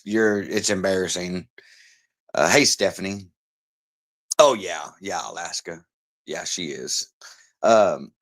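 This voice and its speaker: A man livestreaming commentary, mocking and profane, greeting chat viewers by name between halting, filler-heavy sentences. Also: lowish voice, a bit bright. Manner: halting, many fillers and restarts.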